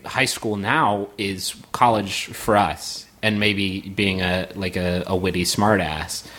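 A man's voice: sits low, steady tone, slow pace, fairly bright tone. A man co-hosting a casual comedy podcast, joking crudely with friends. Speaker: podcast co-host.

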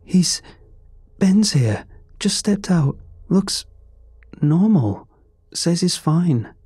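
A man's voice: sing-song, drawn-out words, a little mellow, husky, dry recording, clean studio sound, exaggerated voice. A man voicing a tense woman crew member on a research ship, tight and strained. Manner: tight, strained, rising higher.

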